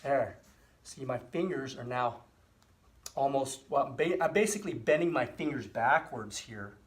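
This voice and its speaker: A middle-aged man hosting a health channel, explaining and demonstrating a hand exercise in a relaxed, repetitive way with frequent fillers. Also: medium pitch, normal speed. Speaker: physical therapy host. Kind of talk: casual instructional demonstration.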